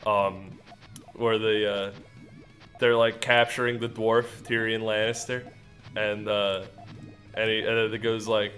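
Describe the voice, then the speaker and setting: A man's voice: on the low side, little pitch movement, slow pace, pauses often, fairly bright tone, soft background music. A young man giving casual gameplay commentary, goofy and rambling, laughing at his own jokes. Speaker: gaming commentator.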